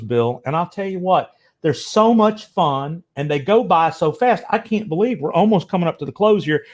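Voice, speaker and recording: A man hosting a live online show, talking casually and enthusiastically, with frequent restarts and repeated words. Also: a little high. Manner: chatty, restarts often, enthusiastic.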